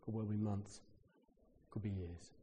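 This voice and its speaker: A man's voice: lowish voice, a little slow, long reverb tail, slight background noise. A man preaching a sermon, telling a personal story and acting out the people in it. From Britain. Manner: storytelling, animated when quoting others.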